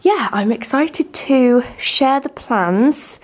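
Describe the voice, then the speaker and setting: A woman's voice: high voice, expressive, takes it slowly. A young woman chatting casually to camera about her home and family, full of fillers and gushing asides. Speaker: lifestyle vlogger. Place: home with farm animals nearby.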